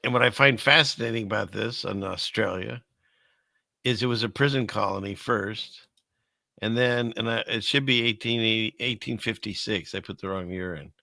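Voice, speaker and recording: A man's voice: lowish voice, normal speed, gravelly, bright, forceful tone, no room sound, clean studio sound. A man hosting a show, rambling skeptically through casual commentary while he browses, with many restarts. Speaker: show host.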